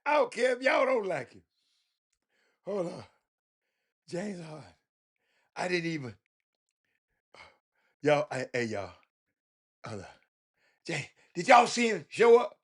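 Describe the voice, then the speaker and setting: Houston guy hosting a sports stream, high voice all over the place, laughing, chatting with viewers. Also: slow, long pauses, slightly rough. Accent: Houston, Texas. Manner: animated, laughing, talks to chat. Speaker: livestream host. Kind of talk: casual sports talk stream.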